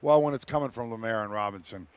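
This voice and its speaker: A former hockey player on a sports talk panel, telling locker-room stories in a lively, animated way and laughing often. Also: male voice, lowish voice, fast, clean tone, no room sound.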